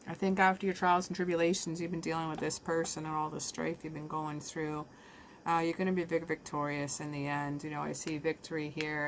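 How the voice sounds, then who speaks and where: A woman's voice: deep voice, a little hiss or hum. A woman giving a casual, heartfelt tarot reading that speaks straight to the viewer. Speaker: tarot reader.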